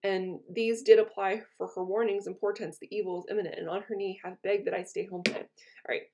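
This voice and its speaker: A woman's voice: medium pitch, fairly even intonation, a little fast, noisy background. A woman teacher reading lines from a play aloud and retelling them in casual everyday words for her students. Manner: casual paraphrase.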